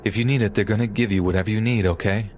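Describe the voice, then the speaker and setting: Guy doing a calm 911 dispatcher, steady and reassuring, lowish voice, soft music behind. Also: racing, lightly acted.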